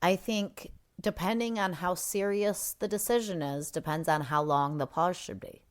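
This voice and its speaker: A woman's voice: on the low side, moderate pace. A woman co-hosting a recovery podcast, speaking casually and reflectively, explaining ideas through everyday examples. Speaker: podcast co-host.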